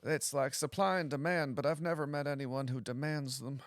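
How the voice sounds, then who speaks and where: A man's voice: on the high side, steady tone, normal speed, dry recording, studio quality, voice pushed up, close to an everyday voice. A man voicing a bewildered, anxious bad stand-up comedian who asks puzzled, earnest questions.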